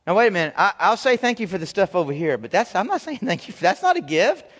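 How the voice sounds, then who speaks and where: A male pastor giving a conversational, animated sermon, acting out quoted voices as he goes. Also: high voice, fast talker, in a large hall.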